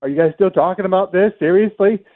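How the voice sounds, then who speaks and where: Earnest upset guy calling a radio show, higher voice, tinny phone sound. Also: fast talker. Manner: earnest, aggrieved, hesitant. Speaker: radio caller. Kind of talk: call-in radio.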